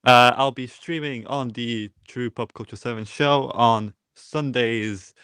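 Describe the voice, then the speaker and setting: A man from the United Kingdom co-hosting a podcast, soft-spoken and low-key in casual chat. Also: steady tone, takes it slowly, smooth, no echo.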